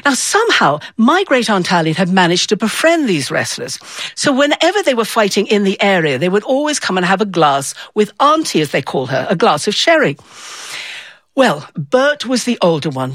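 A woman from the north of England telling a personal story in an animated, theatrical way. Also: medium pitch, no echo. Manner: animated, theatrical, with playful voices.

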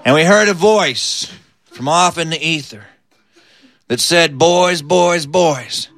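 A man telling a comic story, animated and building to his punchlines. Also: on the high side, unhurried.

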